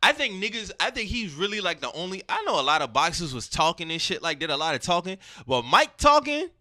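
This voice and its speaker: Young man, podcast co-host, lively swinging pitch, bright voice, slangy and emphatic. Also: fairly quick, dry recording, clean studio sound. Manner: emphatic storytelling with street slang. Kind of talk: casual chat.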